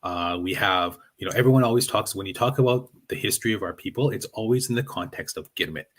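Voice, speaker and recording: A man's voice: lowish voice, quick pace, a bit bright, husky. A man from Fiji with a Canadian accent, speaking earnestly and passionately as a podcast guest, with many restarts. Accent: Canadian English. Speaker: podcast guest, heritage advocate. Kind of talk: conversational interview.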